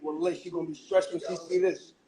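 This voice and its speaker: A man's voice: on the high side, level tone, fast, a crowd in the background. A man chatting on a casual livestream, rowdy and swearing, often breaking into laughter.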